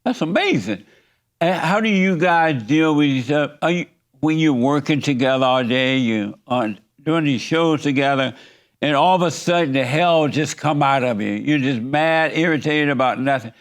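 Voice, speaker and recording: A man hosting a talk show, firing off blunt, teasing questions at his guests. His voice sits a little higher than most men's. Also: normal speed. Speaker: host. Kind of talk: provocative interview questions.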